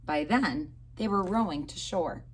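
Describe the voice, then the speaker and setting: A woman teacher reading a picture book aloud to young children in an expressive storytelling way. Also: on the low side, unhurried, slight background noise.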